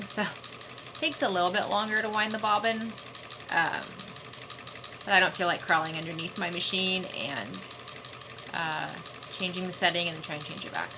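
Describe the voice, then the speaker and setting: A woman's voice: lowish voice, background noise. A woman hosting a casual sewing tutorial, chatting and laughing with viewers while she works. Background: faint sewing machine whir.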